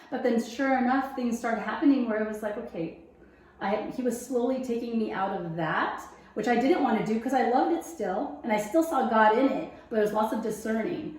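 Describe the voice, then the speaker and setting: A woman's voice: on the high side, brisk, a little mellow. A woman in casual conversation, telling her story with animation and acting out her own past thoughts. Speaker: guest sharing faith testimony. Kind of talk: casual interview chat. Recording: very echoey room.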